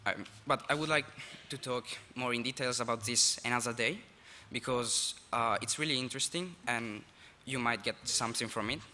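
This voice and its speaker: A man's voice: medium pitch, bright, forceful tone, slight background noise. Nervous Italian-accented young man in a hall. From Italy. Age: teens. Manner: nervous, halting, apologetic with laughs. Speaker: exchange student speaker. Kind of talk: school assembly speech. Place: school assembly hall. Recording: reverberant hall, faint ambience.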